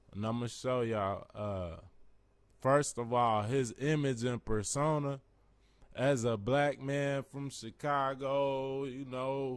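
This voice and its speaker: A man's voice: mid-range voice, no room sound. A man giving casual, mocking commentary full of slang and swearing. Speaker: commentary vlogger.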